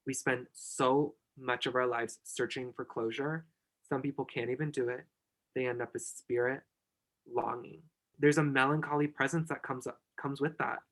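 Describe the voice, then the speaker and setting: Bright-voiced man cheering a friend on. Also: mid-range voice, fairly even intonation, moderate pace. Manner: effusive, emphatic encouragement. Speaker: podcast guest. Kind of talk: casual chat.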